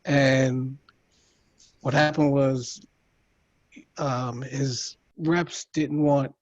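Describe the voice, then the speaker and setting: A man's voice: medium pitch, steady tone, extremely slow, no echo. Workshop participant: man, hesitant and searching for words, on muffled, dry call audio. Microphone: video call.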